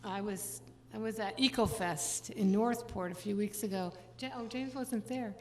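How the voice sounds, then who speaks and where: An older woman musician chatting with her audience between songs at a concert, rambling through anecdotes with quick laughs. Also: medium pitch, slight background noise. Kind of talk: stage banter between songs. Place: large church venue. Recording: live concert hall with long reverb and instrument.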